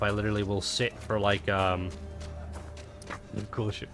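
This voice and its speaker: A man talks through his gameplay in a loose, rambling way, full of "like" and "kinda". His voice sits on the low side, and faint music plays underneath. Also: fairly even intonation, normal speed. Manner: rambling, filler-heavy, upbeat. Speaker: game streamer. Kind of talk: casual gameplay commentary.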